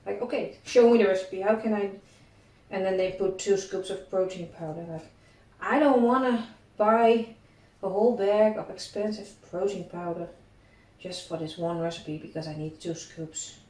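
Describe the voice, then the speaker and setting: A woman's voice: on the low side, normal speed, a little mellow. A young woman chatting casually as she bakes at home, rambling with self-deprecating asides and sounding slightly out of breath. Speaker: cooking vlogger. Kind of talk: casual chat while baking. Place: home kitchen. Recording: echoey kitchen, distant mic, clattering dishes.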